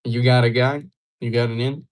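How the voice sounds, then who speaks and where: Talking to viewers on his live stream, a young man from Georgia, USA stays relaxed and jokey. He has a medium-pitched voice with a steady tone and normal speed.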